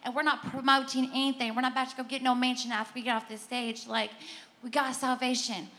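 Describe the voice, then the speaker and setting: A woman's voice: sits high, flat delivery, fast talker, pushed and bright. A woman giving an emotional testimony on a church stage, earnest and tearful, often apologizing. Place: church stage before a congregation.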